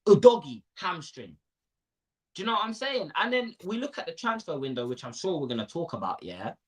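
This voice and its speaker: A man's voice: on the high side, sing-song, fairly quick. A young man, ranting animatedly in casual football chat on a panel show.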